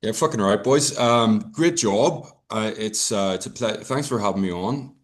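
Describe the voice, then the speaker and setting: A young Irish man talks loosely on a podcast, rambling through his points with plenty of swearing and restarts. His voice sits on the low side. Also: moderate pace. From Ireland. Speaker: podcast guest. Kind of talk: casual chat.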